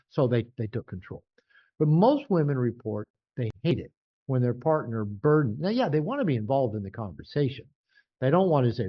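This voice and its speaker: An older man, an author being interviewed, talking casually and animatedly, often jumping higher to act out quoted voices. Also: highs cut off. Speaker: author and guest.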